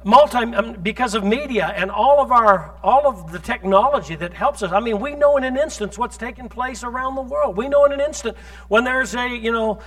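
Male pastor, high-pitched, emphatic sermon delivery, rattles off scripture, quizzes the congregation. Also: fairly bright tone. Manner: emphatic preaching, rhetorical questions to the congregation, quick scripture quotes.

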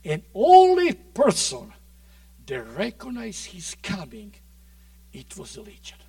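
A man preaching a sermon in a dramatic way, swinging from loud shouts to near-whispers, recorded dry from a distant mic. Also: high-pitched, huge pitch swings, slow pace, no room sound.

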